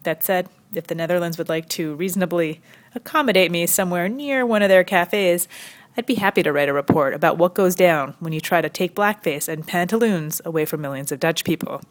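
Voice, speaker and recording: A young woman from Quebec hosting a scripted satirical comedy monologue, sarcastic and prone to sudden high mock-incredulous leaps. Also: brisk. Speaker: satirical commentary host.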